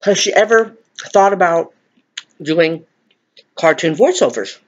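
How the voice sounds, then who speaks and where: A man's voice: a little high, expressive, unhurried, muffled recording. A middle-aged man in a chatty eating vlog, rambling and laughing as he talks to viewers. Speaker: vlogger. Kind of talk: mukbang chat, eating on camera.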